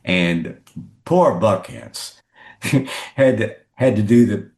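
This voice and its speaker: An older man, a guest sportswriter, telling anecdotes in a lively conversational way and acting out what others said. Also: slow. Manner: lively storyteller who acts out quotes with pitch jumps. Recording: roomy echoey sound.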